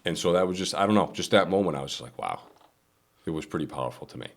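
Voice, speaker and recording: A man's voice: lively intonation, fast talker. A man hosting a casual business podcast, telling workplace stories and acting out quotes in a raised voice. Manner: storytelling, acts out quotes in a higher voice, repeats himself. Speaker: podcast host, business owner.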